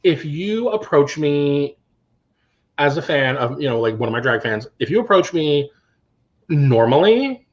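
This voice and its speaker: A man, a drag queen co-host, telling sassy, animated anecdotes in casual chat. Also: a little high, unhurried, lo-fi sound.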